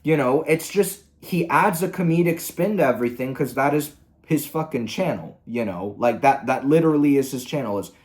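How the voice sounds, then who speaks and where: An angry man rants through a commentary video, swearing freely and sounding exasperated. His pitch sits in the middle but swings widely as he vents. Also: expressive, normal speed, a little mellow. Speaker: commentary host. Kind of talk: ranting commentary.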